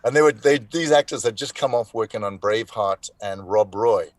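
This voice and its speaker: A male voice actor, a guest in a live online interview, telling animated anecdotes with restarts and asides. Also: fairly low pitch, normal speed, no room sound. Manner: animated anecdotes with frequent restarts and 'you know'. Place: lives in Denmark.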